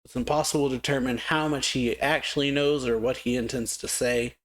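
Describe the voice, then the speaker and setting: A man's voice: mid-range voice, fairly even intonation, a little fast, a bit bright, close to an everyday voice. A man reading out the lines of a stern elder male official giving a formal report.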